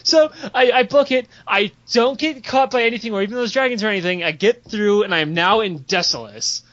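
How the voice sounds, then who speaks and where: Profane high-voiced young man telling stories. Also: fairly quick. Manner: animated, profane, acts out quotes with big pitch jumps. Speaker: storyteller on a podcast. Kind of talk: casual comedic storytelling. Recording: dull lo-fi podcast audio.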